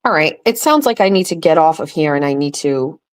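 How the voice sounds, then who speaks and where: A woman's voice: low voice, lively intonation, fairly quick. A woman hosting her own show, ranting angrily and with profanity about a political campaign from a home setup. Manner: angry, profane, heated ranting. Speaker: host.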